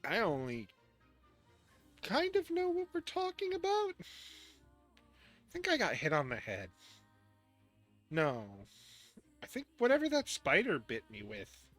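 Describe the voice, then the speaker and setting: A man's voice: sits high, huge pitch swings, unhurried, long pauses, a bit bright, soft background music, pitched above the performer's own voice, exaggerated voice. A man voicing a confused young dragon in goblin form who rambles and trails off unsure.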